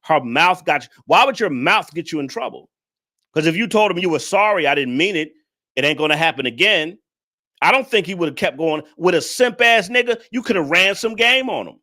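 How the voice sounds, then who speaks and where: Male commentary host, preachy lecturer, bright and somewhat high voice. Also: lively intonation, a little fast. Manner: preachy, lecturing, repeats points; addresses the audience directly. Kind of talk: reaction commentary on a clip.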